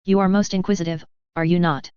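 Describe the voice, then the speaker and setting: A woman's voice: fairly low pitch, steady tone, fast, darkish tone, clean tone, dry recording, lo-fi sound, close to an everyday voice. A woman voicing a posh, polite female hamster seamstress with formal phrasing. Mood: poised.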